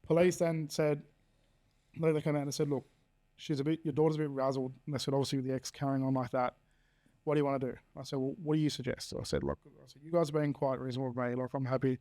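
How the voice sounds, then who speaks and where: A man's voice: medium pitch, level tone, quick pace, warm tone. An Australian man in his thirties, a podcast guest telling his story bluntly, swearing freely and acting out quoted dialogue. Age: 30s. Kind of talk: candid personal storytelling.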